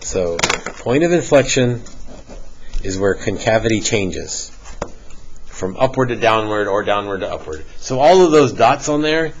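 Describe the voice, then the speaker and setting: A low-voiced middle-aged man teaching a math class, casual and patient, with easygoing jokes tossed to the students. The sound is dull and lo-fi, with a faint hiss behind him. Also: measured pace. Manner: relaxed, joking asides to students. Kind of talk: classroom lecture.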